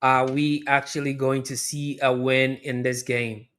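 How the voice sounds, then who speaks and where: Speaking at a measured pace in a clean, mid-range voice, a man hosts a live watch-along with running reaction commentary. He's chatty, speaks to viewers directly, repeats himself, and erupts in loud, excited shouting at near misses.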